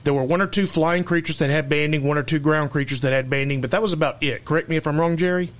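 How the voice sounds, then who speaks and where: A man hosting a podcast in casual chat, relaxed and easygoing. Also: on the high side, fast talker. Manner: relaxed, easygoing, many fillers. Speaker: podcast host.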